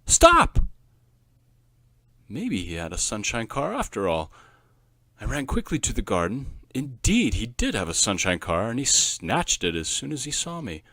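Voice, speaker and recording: Male storybook narrator, expressive and lively, dry close mic. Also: mid-range voice, moderate pace, no room sound.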